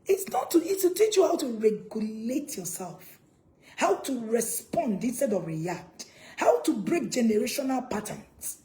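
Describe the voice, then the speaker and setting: A woman's voice: fairly high pitch, sing-song, a little slow, warm tone. A woman, a parenting coach giving an earnest, emphatic talk to viewers and laughing between points.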